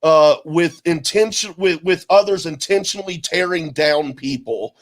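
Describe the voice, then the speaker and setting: A man co-hosting a casual podcast, giving opinions bluntly, with halting restarts and a bit of mild swearing. His voice sits a little high for a man and is heard through a podcast microphone. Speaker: podcast co-host.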